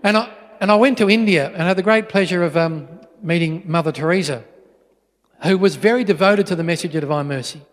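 A middle-aged Australian man giving a storytelling witness talk in a church, animated and full of restarts. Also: sits high, brisk. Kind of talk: storytelling sermon. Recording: long church reverb.

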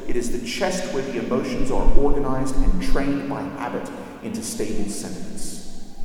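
A man giving a measured, reflective literature lecture, reading passages aloud. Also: medium pitch, darkish tone. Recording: echoey hall with long reverb.

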